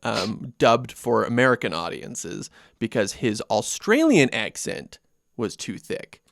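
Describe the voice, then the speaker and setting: A young adult man co-hosting a podcast in casual chat, relaxed, reading from notes and laughing often. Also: mid-range voice, slow, gravelly, dry recording, studio quality. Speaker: podcast co-host.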